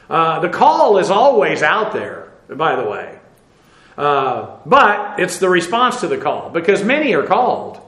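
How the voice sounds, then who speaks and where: A man teaching a Bible lesson, explaining slowly with many "uh" fillers and self-corrections. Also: high-pitched, bright, forceful tone, roomy sound, poor audio. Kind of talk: lecture on Greek verb tenses.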